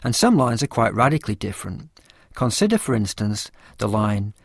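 A man reading a scripted lesson with a measured, careful explanatory delivery. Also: lowish voice, very animated, vocal fry, breathy edge, dry recording, clean studio sound. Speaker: teacher of poetry. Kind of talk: scripted lecture narration.

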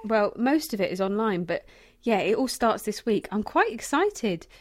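An actress playing a busy young mother who talks briskly. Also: mid-range voice, very animated. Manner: brisk, hurried.

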